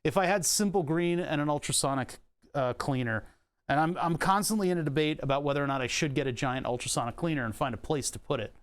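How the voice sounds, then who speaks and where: A man's voice: a little high, fast. A man casually livestreaming a keyboard repair, rambling and swearing as he works. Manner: profane, rambling, self-amused. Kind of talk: casual livestream chat while working. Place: home room with air conditioning running.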